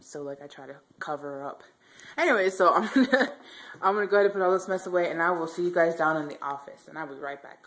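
A woman's voice: on the low side, a bit bright. A young woman vlogging casually at home on a handheld camera, chatty, giggly and rambling. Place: house, indoors.

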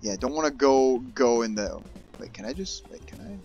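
A man giving casual let's-play commentary, excitable, yelling and swearing at characters in the game. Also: mid-range voice, moderate pace, muffled recording, soft background music. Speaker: gaming YouTuber.

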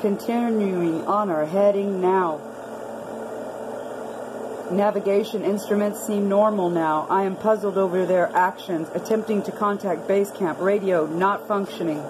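A woman with a medium-pitched voice, recorded against a noisy background, narrates a video. She reads a diary aloud and adds earnest commentary, calling her listeners brothers and sisters.

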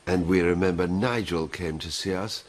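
A man's voice: low-pitched, normal speed, close to an everyday voice. A man impersonating a stiff, regal female prime minister who says "we", in a TV sketch clip. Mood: imperious. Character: male impressionist as a haughty female prime minister. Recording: clip played from a TV sketch, background noise.

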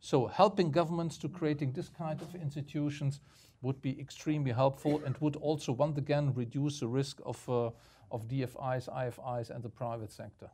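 A man speaking on a panel for a development finance institution, halting, with many fillers and repeated words. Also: mid-range voice, fairly even intonation, mellow. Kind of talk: panel discussion remarks.

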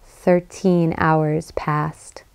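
A woman narrating an audiobook in a slow, measured reading. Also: deep voice, little pitch movement, creaky, darkish tone, smooth. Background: faint guitar music.

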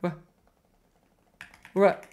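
This woman talks very slowly over background noise as she streams a game live. She reacts with loud, dramatic shrieks and swearing, chatting with viewers and thanking subscribers along the way.

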